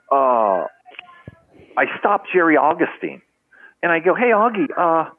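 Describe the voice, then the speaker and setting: A man's voice: fairly high pitch, vocal fry, narrow, tinny audio. An older man, a retired baseball trainer, telling stories in a casual interview and acting out the voices of the people in them. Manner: animated storyteller acting out quotes, laughs often. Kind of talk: casual storytelling in a podcast interview.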